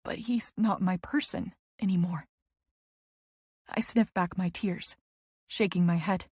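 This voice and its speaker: A woman's voice: on the low side, measured pace, darkish tone, slightly rough, dry recording. A woman narrating a first-person romance audiobook in an intimate, emotional storytelling manner on a close studio mic.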